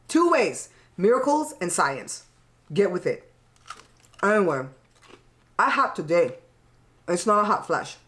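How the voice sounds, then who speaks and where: A middle-aged woman hosting her own channel, chatting casually while she eats. She talks bluntly and frankly, swears lightly and laughs often. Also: lowish voice. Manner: blunt and frank, plain-spoken with mild cursing. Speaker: channel host. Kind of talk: casual chat while eating.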